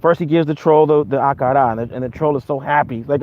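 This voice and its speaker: A man teaching through a spiritual story in an animated storytelling style, often repeating words as he goes. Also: mid-range voice, fast. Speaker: Ifa teacher. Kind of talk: storytelling lesson. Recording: dull lo-fi audio with faint noise.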